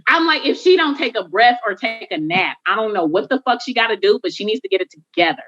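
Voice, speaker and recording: A woman's voice: medium pitch, expressive, quick pace, fairly bright tone. A woman hosting a podcast in casual chat, blunt, joking and profane. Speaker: podcast host. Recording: dull lo-fi recording.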